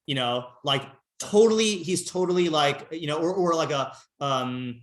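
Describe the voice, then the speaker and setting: A man teaching an informal text class, halting and rambling with many fillers, reading Hebrew passages aloud and translating them. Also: fairly high pitch, fairly bright tone.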